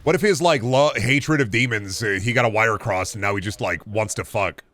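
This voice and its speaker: A young man from the American Midwest talks over his gameplay stream in a loose, joking way. He swears freely and slips into silly bits. His pitch swings around a lot as he riffs. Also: animated, moderate pace, hardly any pauses, a bit bright, no room sound. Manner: goofy, profane, jokey riffing with mock voices. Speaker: streamer playing a game. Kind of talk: casual gameplay commentary.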